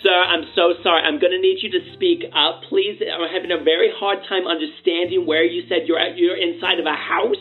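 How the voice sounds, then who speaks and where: A man voicing a curt female emergency dispatcher who answers in brisk, dismissive phone politeness. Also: high-pitched, steady tone, narrow, tinny audio, faint music behind, close to an everyday voice. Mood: brusque.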